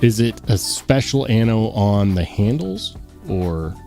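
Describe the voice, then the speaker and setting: A man's voice: on the low side, lively intonation, takes it slowly, vocal fry, mellow, soft background music. Rambling, chatty man on a livestream. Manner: rambling, chatty, addresses viewers as guys. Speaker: livestream host. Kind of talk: casual live-stream chat.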